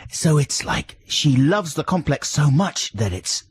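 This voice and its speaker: Animated, slightly husky male radio host. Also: on the high side, measured pace, few pauses, no room sound. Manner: chatty and rambling. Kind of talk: casual on-air banter. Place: radio studio. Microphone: studio microphone.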